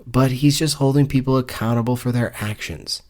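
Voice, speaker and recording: A man co-hosting a podcast, discussing a book casually with a joking, deadpan tone of mock business talk. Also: mid-range voice, brisk. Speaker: podcast co-host.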